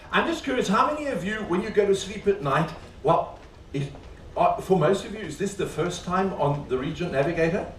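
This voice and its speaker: A man's voice: on the high side, fairly bright tone, slight background noise. A man performing as a comedy magician in a live stage show, chatting and teasing the audience with jokes between tricks. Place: cruise ship show lounge. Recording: roomy, distant live stage recording with faint audience ambience.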